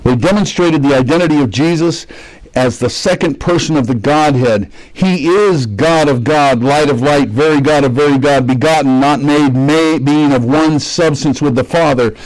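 A man's voice: fairly high pitch, a little slow, darkish tone, low-quality recording. Man preaching a conversational sermon. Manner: conversational teaching, asks the congregation questions. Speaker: pastor.

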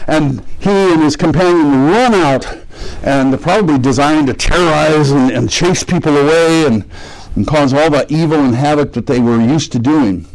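A middle-aged male pastor preaching a sermon. His voice sits a little high for a man, and he speaks in a conversational teaching manner, often turning to the congregation with questions. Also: normal speed, darkish tone, poor audio.

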